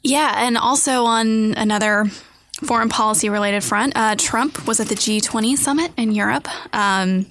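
A woman's voice: fairly high pitch, moderate pace, a bit bright, dry recording. A woman co-hosting a political talk show, speaking conversationally and prompting her co-host with questions. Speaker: podcast co-host.

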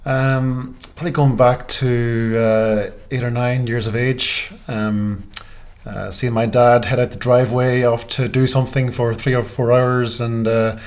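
A man's voice: mid-range voice, level tone, measured pace, a little mellow. A man, a golf sales manager, answering interview questions in a friendly, hesitant way with many ums and uhs. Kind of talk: casual interview chat.

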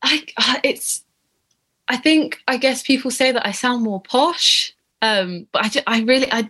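A young woman with a British English accent, talking in a relaxed, reflective way as the interviewee, often pausing and restarting her sentences. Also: a little high. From England. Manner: hesitant, many restarts and fillers. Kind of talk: casual reflective chat.

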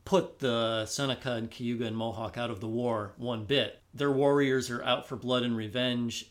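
A man with an American accent co-hosting a history podcast, talking in a relaxed, thinking-aloud way. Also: mid-range voice. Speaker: podcast co-host. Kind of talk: casual history podcast chat.

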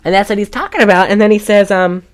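A woman co-hosting a casual comedy recap, animated and sarcastic, swearing freely. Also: mid-range voice, quick pace. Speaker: podcast co-host recapping a film.

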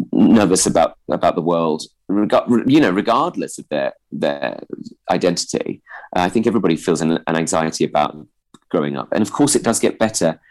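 A man's voice: low voice, darkish tone. Posh-sounding man, hesitant and self-deprecating. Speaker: guest. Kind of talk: casual interview chat.

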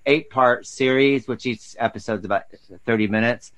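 A man's voice: mid-range voice, moderate pace, fairly bright tone. A man co-hosting a podcast, chatting casually about books and films, rambling with frequent restarts. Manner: rambling, stops and restarts mid-thought. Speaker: podcast co-host.

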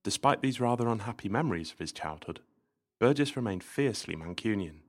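A man hosting and narrating a podcast episode in a measured, informative scripted style. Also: lowish voice, animated.

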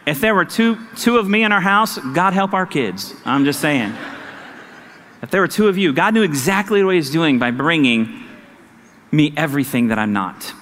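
A man preaching a sermon as pastor, animated and acting out conversations with his wife. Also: a little high, moderate pace, in a large hall, slight background noise.

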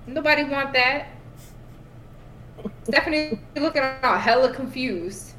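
A woman's voice: high voice, unhurried, a bit bright, echoey room, slight background noise. A woman hosting a casual podcast game, teasing her friends, swearing freely and laughing often. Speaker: podcast host. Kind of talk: casual chat, party game.

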